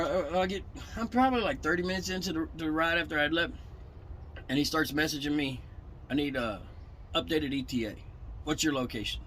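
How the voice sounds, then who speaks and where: A man's voice: fairly high pitch, pushed and bright, slight background noise, rough recording. A man, a truck driver telling a story in a blunt, profane, angry rant.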